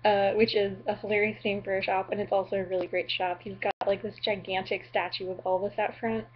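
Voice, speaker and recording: A woman's voice: mid-range voice, little pitch movement, a little fast, highs cut off, slight background noise. A young woman from the Upper Midwest chatting in a goofy, apologetic, rambling way on her vlog, full of ums and likes. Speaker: vlogger.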